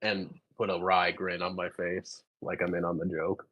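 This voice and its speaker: A man at a tabletop game session, speaking a little low. He stumbles and repeats himself as he pushes into the scene. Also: completely flat delivery, a bit bright, slightly rough, dull audio. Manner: halting, with repeated words. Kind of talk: casual gaming chat.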